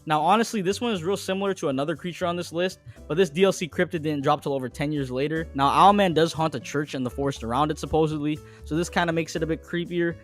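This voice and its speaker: A man narrating a comedy video at a rapid clip, with crude jokes and dry asides. His voice sits a bit higher than most men's. Soft music runs faintly behind him. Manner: crude, jokey, deadpan asides.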